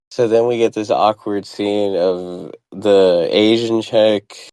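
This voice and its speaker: A young man with a somewhat low voice talks through a film in a loose, casual chat. He sounds blunt and profane and mocks what he describes. The mic is close, and the sound is dry with no room echo. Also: fairly even intonation, slow, darkish tone, clean tone. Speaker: podcast host reviewing a film.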